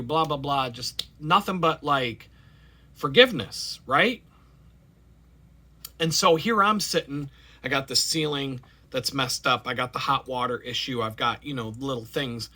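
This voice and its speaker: A man vlogging in a rambling, animated personal monologue with many fillers. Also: medium pitch, unhurried.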